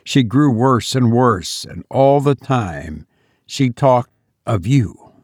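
A man's voice: medium pitch, animated, slow, darkish tone, no room sound, clean studio sound. A man reading a story voices a grieving man who tells sad news in a subdued, plain way. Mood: grave.

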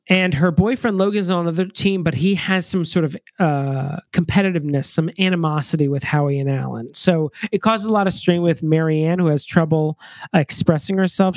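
A wry podcast co-host recaps a book casually, trailing off with fillers and dropping deadpan jokes along the way. The voice is mid-pitched and recorded close and dry, with no room sound. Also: no room sound. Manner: wry, joking, hesitant with fillers.

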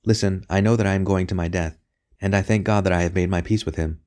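A man voicing a weary captive queen who speaks softly and calmly with quiet dignity. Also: low-pitched, quick pace, lightly acted. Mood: earnest. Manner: soft, quiet and unruffled.

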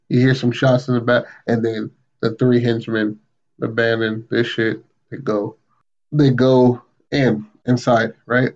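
A man on a podcast recaps a story in loose, casual chat, swinging his pitch up whenever he quotes a character. His mid-range voice comes through muffled, like a poorly checked mic. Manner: animated retelling, acts out quotes with raised pitch. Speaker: podcast co-host.

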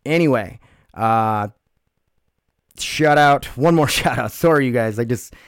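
A man's voice: mid-range voice, a little slow, clean tone. A man hosting his own podcast in a loose, rambling way, full of fillers, swearing and self-deprecation, while dealing with nerve pain. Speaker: podcast host. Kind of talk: casual solo podcast talk.

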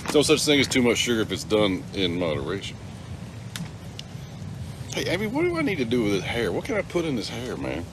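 A man's voice: medium pitch, huge pitch swings, a little fast, pauses often, noisy background. A middle-aged man hosting a casual live stream, rambling and joking as he greets viewers by name.

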